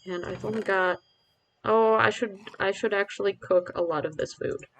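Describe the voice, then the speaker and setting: A man's voice: sits high, normal speed, fairly bright tone, a little hiss or hum, poor audio. A man streaming a game live, chatting casually and rambling with self-mocking asides to his viewers.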